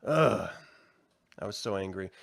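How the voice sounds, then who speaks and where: A man co-hosting a casual review podcast, talking in an animated, profane way and acting out characters' lines. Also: sits low, a little slow, vocal fry. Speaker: podcast co-host.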